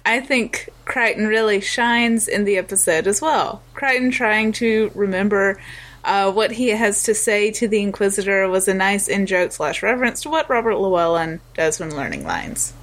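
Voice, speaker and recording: A woman co-hosting a podcast in casual chat, giggly and lively, with faint noise behind. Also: mid-range voice, normal speed. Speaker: podcast co-host.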